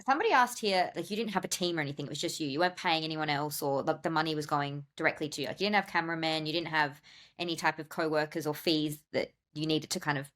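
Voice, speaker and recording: A woman interviewing a guest in a relaxed conversation. She talks quickly in a lowish voice and circles through her questions with many "like"s and restarts. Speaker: interviewer, channel host.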